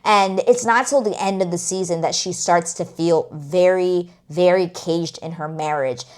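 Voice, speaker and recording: A woman with a somewhat low voice talks through a TV series in a casual vlog review. She is outspoken and emphatic, piles up the word "like" and drops the odd swear. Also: unhurried, darkish tone.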